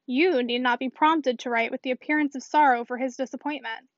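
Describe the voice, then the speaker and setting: Woman voicing a high-voiced, decided young lady, precise, dull lo-fi sound. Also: fairly even intonation, fairly quick, no echo, natural voice. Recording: dull, dry lo-fi recording.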